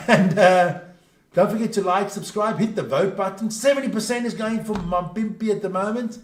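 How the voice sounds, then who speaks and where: A South African man co-hosts a rugby watchalong in casual, jokey banter. His voice sits high for a man. The sound rings around an echoey room. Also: normal speed. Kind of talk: casual sports chat.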